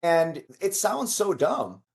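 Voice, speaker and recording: A man's voice: high-pitched, sing-song, takes it slowly, gravelly. Male host, casual and enthusiastic, stumbles and restarts, says "man" a lot. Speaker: podcast host. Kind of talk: casual interview chat.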